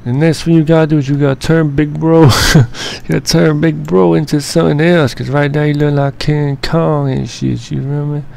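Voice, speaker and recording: Man, gravelly fry, mellow dark tone, slangy profane rambling, casual editing commentary. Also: fairly high pitch, flat delivery, moderate pace, hardly any pauses. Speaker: editing tutorial narrator.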